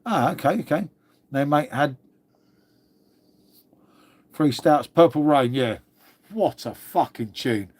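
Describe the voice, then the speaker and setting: A man's voice: on the high side, animated, slow, long pauses, darkish tone. A man with a London-area English accent, from Old Windsor, chatting casually on a livestream while reading comments, swearing freely, calling everyone mate, and sounding congested with a cold. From England (Old Windsor, Berkshire). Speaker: livestream host.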